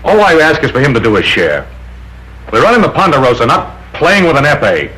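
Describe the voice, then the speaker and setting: An actor playing a serious, stubborn eldest ranch son who talks in a clipped, stern way. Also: male voice, medium pitch, sing-song, fairly quick, pushed and bright, low-quality recording.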